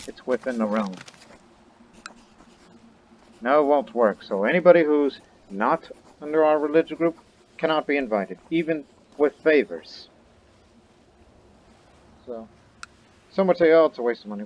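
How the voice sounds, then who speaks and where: A man's voice: medium pitch, lo-fi sound, slight background noise. A man casually commenting on his own strategy game as he plays, thinking aloud with chatty asides. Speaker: game streamer.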